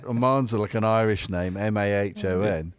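A middle-aged man, chatting casually and telling animated stories. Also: fairly low pitch, normal speed, clean tone, no room sound, studio quality. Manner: animated storyteller, puts on American voices. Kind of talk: casual chat.

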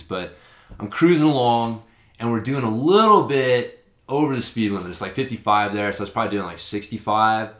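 A man casually telling a long story on a podcast, rambling and swearing often. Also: on the low side. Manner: profane, rambling, animated storyteller. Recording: echoey room.

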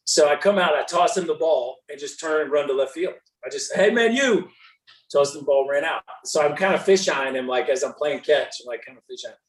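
A man guesting on a podcast, telling animated stories as a former ballplayer turned commentator. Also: on the high side, a little fast, hardly any pauses. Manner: animated, acts out hecklers' shouting in stories. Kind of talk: casual storytelling. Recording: roomy and distant from the mic.

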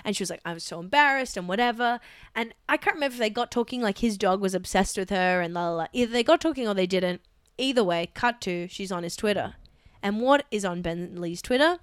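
A woman co-hosting a comedy podcast, telling gossip in an animated way and acting out the people she quotes. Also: mid-range voice, fast talker, clean tone, no echo, studio quality. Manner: animated storyteller, acts out quoted voices. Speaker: podcast co-host. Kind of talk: casual comedic chat.

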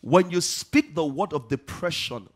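A man's voice: a little high, expressive, unhurried. A man preaching a sermon to a congregation. He asks rhetorical questions and answers them himself, with emphatic rising delivery.

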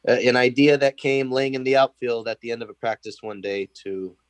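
A young man chats as a podcast guest, storytelling with energy and acting out every quote. His voice sits at a middle pitch and sounds dry and close. He laughs easily between lines. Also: fairly quick, dry recording. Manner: animated storyteller, acts out quotes, laughs often. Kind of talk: casual chat.

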